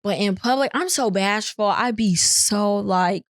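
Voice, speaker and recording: A woman's voice: mid-range voice, a little slow, no echo, studio quality. A young woman co-hosting a podcast, talking candidly in casual chat, repeating herself and using lots of slang. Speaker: podcast co-host.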